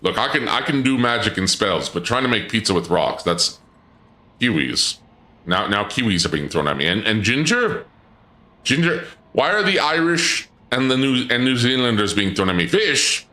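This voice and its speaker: Excitable, stammering male streamer. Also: moderate pace. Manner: excitable, stammering, jumps high in pitch when surprised. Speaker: livestreamer. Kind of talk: live-stream chat banter. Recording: echoey room with game music behind.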